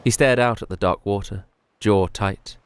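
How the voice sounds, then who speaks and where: A man narrating a fantasy story in a measured, soft-spoken, descriptive scripted style. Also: on the low side, smooth.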